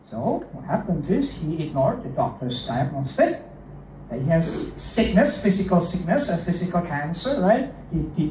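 A man preaching a sermon in a lively, animated way, often repeating and restarting his words. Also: fairly high pitch, a little hiss or hum. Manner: animated, repeats words, acts out a story character. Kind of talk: sermon, mixing English with Indonesian. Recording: echoey room from far off, faint ambience.

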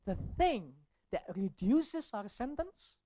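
A man preaches in an animated, searching way. He leans on rhetorical questions and often restarts his sentences. The recording is dry and close, with no room sound. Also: very high-pitched, slow, no echo. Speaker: pastor. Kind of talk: sermon.

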